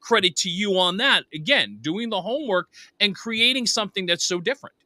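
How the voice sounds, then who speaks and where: Casting note: male host, high lively voice, dry close sound, eager and praising. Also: brisk, dry recording. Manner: enthusiastic, complimentary questioner. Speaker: podcast host. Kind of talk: casual interview chat.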